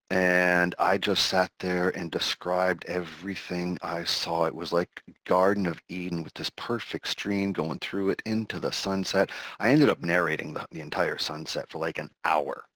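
A man with a very deep voice tells a story in a relaxed, amused, rambling way. The sound is dry and close, with no room behind him. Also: no echo, poor audio. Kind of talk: casual storytelling chat.

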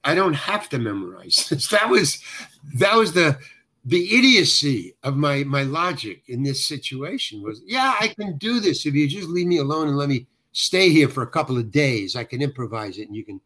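A man's voice: fairly high pitch, very animated, normal speed, sharp tone. An older man, a guest actor, telling a long anecdote in conversation. He often restarts and corrects himself as he talks. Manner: rambling, self-correcting storyteller with frequent restarts.

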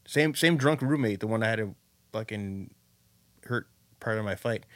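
A man in casual podcast chat, telling a rough story with a lot of swearing and animated energy. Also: fairly low pitch, moderate pace, no echo.

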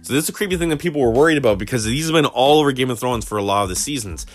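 A man's voice: medium pitch, lively intonation, rapid-fire. A man casually recapping a TV episode, rambling and retelling scenes with lots of restarts.

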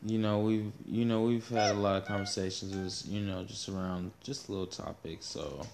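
A man's voice: lowish voice, steady tone, normal speed, a little mellow, slight background noise. A man chatting casually as a co-host, laid-back, with chuckling asides. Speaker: co-host, father. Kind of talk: casual chat.

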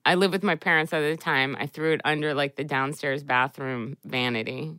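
A woman in casual chat, telling an embarrassing story with laughs and loud acted-out quotes of herself. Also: low voice, fairly even intonation, moderate pace, smooth, no echo, clean studio sound. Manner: laughs through an embarrassing story, acts out her own quotes loudly.

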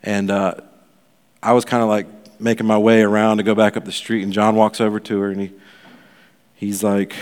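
A pastor giving a sermon, telling a story in a loose, conversational way full of fillers. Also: male voice, lowish voice, level tone, a little fast, clear, resonant tone, long reverb tail.

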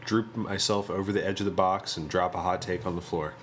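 A man's voice: sits low, fairly even intonation, fairly quick, a little hiss or hum. A man co-hosting a film podcast, teasing his partner in dry banter. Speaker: podcast co-host. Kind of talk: casual chat.

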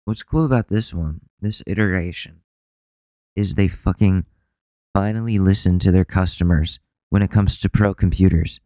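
Blunt, profane, ranting podcast host. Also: male voice, sits low, normal speed, warm tone, dry recording. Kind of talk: solo podcast rant.

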